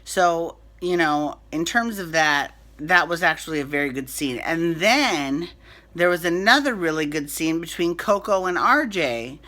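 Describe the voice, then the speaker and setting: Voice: medium pitch, animated, measured pace, bright, forceful tone. A soap opera recap host giving a chatty, opinionated rundown, with frequent restarts and fillers. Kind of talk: casual chat.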